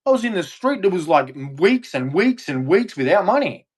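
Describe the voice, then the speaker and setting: A man's voice: high-pitched, big pitch swings, normal speed, slightly rough. A man with an Australian accent, ranting angrily and swearing often as he repeats himself. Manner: agitated, profane, repetitive. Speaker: streamer. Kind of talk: angry rant.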